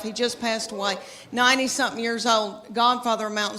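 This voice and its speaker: A middle-aged woman, telling chatty, animated stand-up comedy stories on stage. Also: fairly high pitch. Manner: folksy, chatty, animated storytelling. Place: stage before a live audience.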